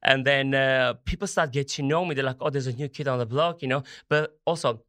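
A man in his forties with a bright, forceful voice tells his story as an interview guest. He talks in an animated way, slips into quoted dialogue and uses grammar. The recording is dry and close. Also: medium pitch, a little fast, no echo. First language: French. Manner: animated, acts out dialogue, non-native grammar.

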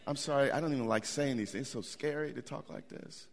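A middle-aged man preaching a sermon, animated, with repetitions and asides to the congregation. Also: mid-range voice, fast talker. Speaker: pastor.

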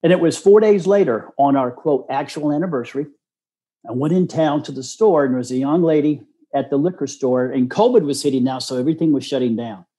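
An older man from Texas speaks as a guest in earnest, folksy storytelling. His voice is mellow and dark. He sits at a middling pitch. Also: a little fast. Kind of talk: casual storytelling.

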